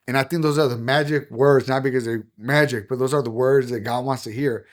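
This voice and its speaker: A man's voice: medium pitch, steady tone, a little fast, few pauses. Earnest man telling his life story. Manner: earnest, emotional storytelling, drops to a hush on painful moments. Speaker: pastor and podcast guest. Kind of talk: personal testimony in conversation.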